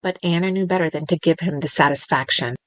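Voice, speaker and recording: A woman reading a thriller audiobook in a measured, steady narration. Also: deep voice, dry recording, poor audio.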